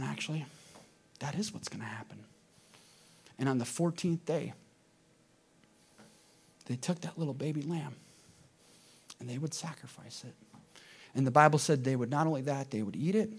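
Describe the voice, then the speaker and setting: A man preaching a sermon to his congregation, asking them questions and swinging between loud emphasis and hushed moments. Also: mid-range voice, breathy edge. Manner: addresses congregation directly with questions. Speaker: pastor.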